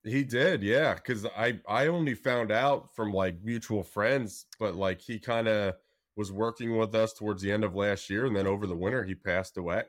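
A man who is a guest on a medium's show, giving relaxed, brief answers in casual talk. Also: on the low side, moderate pace, no echo. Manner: relaxed, brief replies, laughs easily. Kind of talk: casual conversation.

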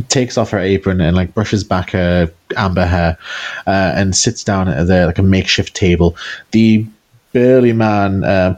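A man running a tabletop game as game master, narrating casually with many fillers. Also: low voice. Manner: relaxed, filler-heavy narration.

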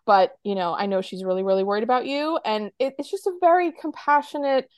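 A woman's voice: on the high side, fast, a little mellow, no echo. An American woman co-hosting a podcast in casual chat, animatedly retelling scenes and acting out the characters' lines. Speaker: podcast co-host.

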